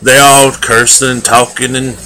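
Guy preaching a folksy morning devotional, earnest, kinda forceful bright voice, plain talk. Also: medium pitch, flat delivery, a little hiss or hum, low-quality recording. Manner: earnest and homespun, loose grammar, drawn-out emphatic phrases. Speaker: lay preacher. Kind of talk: folksy daily devotional sermon.

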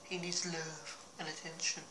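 A man's voice: on the high side, flat delivery, normal speed. A young man rambling casually to camera in a vlog, chatty and self-mocking. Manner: chatty, scattered, self-mocking, talks to his dog. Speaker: vlogger. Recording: echoey room, faint noise.

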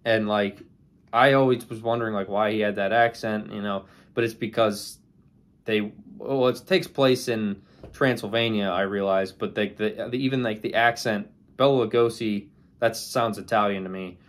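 A man's voice: lowish voice, steady tone, normal speed. A young man talking casually about old monster movies, rambling with many ums and likes. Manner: rambling, many fillers and restarts. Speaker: movie reviewer. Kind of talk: casual movie ranking talk.

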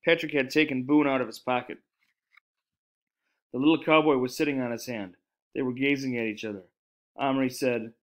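A man reads a children's novel aloud at a mid pitch. His storytelling is steady and expressive. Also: normal speed, poor audio. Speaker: reader.

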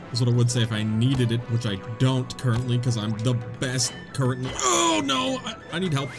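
A young man giving comedic, excitable commentary while playing a video game, laughing often, with game music behind him. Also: mid-range voice, fairly quick, hardly any pauses. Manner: joking, excitable, frequent laughter. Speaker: gaming YouTuber. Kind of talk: comedic let's-play commentary.

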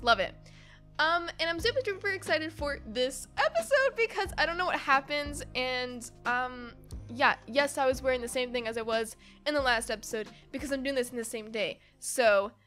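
A high, bright woman's voice that swoops around lively. She reads a webcomic aloud and reacts in a bubbly, gushing, giggly way, with faint music underneath. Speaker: YouTuber.

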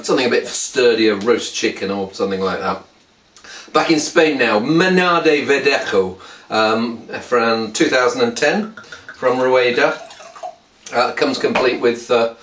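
A man's voice: mid-range voice, distant mic. A man chatting casually as he tastes and reviews wines, wry and full of asides and restarts. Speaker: wine reviewer. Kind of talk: casual wine tasting video. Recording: roomy sound, voice a bit off mic.

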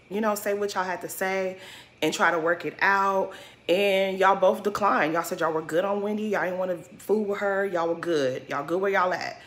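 A woman with a bright, forceful voice talks through a reality TV episode in a casual recap. She is blunt and sassy, loose with slang and swearing. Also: medium pitch. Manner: colloquial slang-heavy talk.

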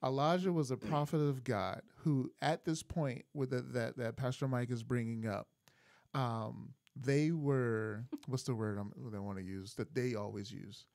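A man's voice: medium pitch, normal speed, dry recording, studio quality. A man co-hosting a casual sermon recap chat, telling stories with animation and sometimes groping for words. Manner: animated storyteller who gropes for words. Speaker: podcast co-host.

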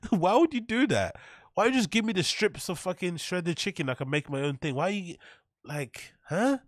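A man's voice: high voice, expressive, unhurried, long pauses, dry recording, clean studio sound. A man reacting to a cooking video in casual, mocking commentary, sarcastic and profane and laughing at his own jokes.

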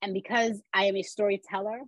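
A woman's voice: medium pitch, level tone, quick pace, dry recording, rough recording. A woman guest on a podcast telling her personal story, acting out the voices of the people in it.

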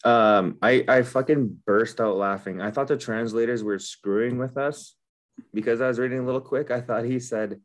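A man's voice: medium pitch, normal speed. A man hosting a casual manga review chat, ranting with lots of profanity and laughter. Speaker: manga podcast host.

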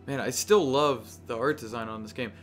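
A man's voice: medium pitch, normal speed, slight background noise. A man giving casual, chatty gameplay commentary with self-mocking asides. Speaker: let's-play host. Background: game music.

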